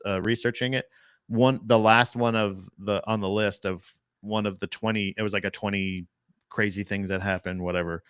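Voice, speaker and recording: A man's voice: on the low side, fairly bright tone, smooth, no echo, studio quality. A man co-hosting a podcast, rambling casually about movies, laughing and swearing as he goes. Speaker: podcast co-host.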